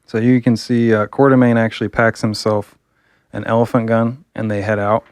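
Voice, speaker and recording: A man's voice: on the low side, level tone, fairly quick, no echo. A man reviewing a comic book, talking casually and enthusiastically, rambling with fillers.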